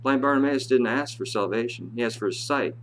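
A man preaching a church sermon, his voice swelling high and loud on scripture, then sinking low and quiet to explain. He sits at a middle pitch for a man. A faint hum runs under the recording. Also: brisk. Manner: impassioned preaching, reads scripture aloud in a rising voice and drops low to explain. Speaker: pastor.

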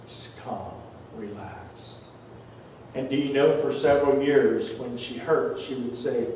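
An older male pastor preaching a sermon, telling a personal story slowly and earnestly, his voice often softening at the ends of phrases. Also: medium pitch, slight background noise. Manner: slow, earnest, emotional storytelling with soft trailing endings. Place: large church sanctuary. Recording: very echoey church hall, distant mic.

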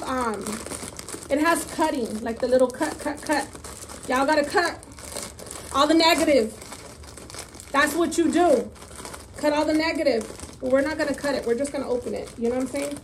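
A mukbang vlogger with a high voice chats with viewers at the table, upbeat and warm, mixing Spanish words into her English. It sounds like a casual home vlog recorded on a camera mic, at normal speed with slight background noise.

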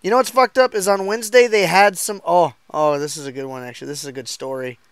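A man's voice: fairly high pitch, fairly even intonation, quick pace, a bit bright, clean tone, dry recording. A man chatting casually while streaming a console mod, joking and swearing in a laid-back way. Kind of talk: casual livestream chat.

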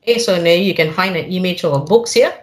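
A man with a Malaysian English accent, a university lecturer walking attendees through a software demo in a live online workshop, talking conversationally and tagging points with "huh?" and "right?". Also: high voice, fairly quick, a little hiss or hum.

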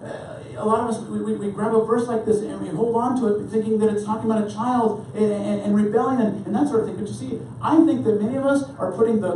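A male pastor preaching a sermon in an animated, repetitive way. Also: high-pitched, a little hiss or hum. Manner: animated, repeats words when starting phrases. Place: church sanctuary. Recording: echoey hall, mic far off.

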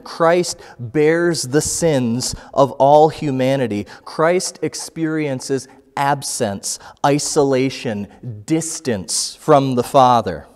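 A man preaching a sermon as pastor, slow and measured, reading scripture passages aloud. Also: mid-range voice, a little mellow, in a large hall. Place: church sanctuary.

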